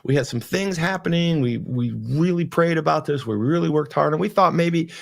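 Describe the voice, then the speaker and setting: A man's voice: on the high side, normal speed, creaky. A man hosting a podcast, talking earnestly and rambling through a faith monologue with frequent restarts. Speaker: podcast host.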